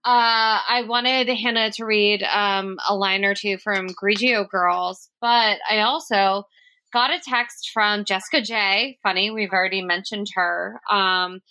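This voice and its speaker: Chatty bright-voiced woman podcast host. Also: mid-range voice, steady tone, measured pace. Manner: chatty, many fillers, warm-hearted reading. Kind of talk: casual podcast chat.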